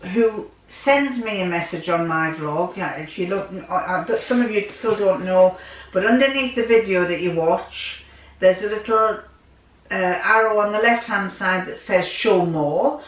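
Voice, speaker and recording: An older woman vlogger chats to her viewers in a loose, rambling manner, circling back and repeating words. Her voice sits a little low, and it comes across roomy and echoey, picked up from a distance off the mic. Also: a bit bright. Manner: chatty, rambling, repeats herself. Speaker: sewing vlogger. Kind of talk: casual chat to viewers. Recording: echoey room, away from mic.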